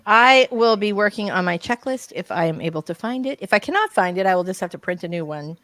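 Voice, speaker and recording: A woman's voice: medium pitch, lively intonation, quick pace, fairly bright tone, no room sound. A woman co-hosting a casual writing livestream, bubbly and chatty with lots of enthusiasm.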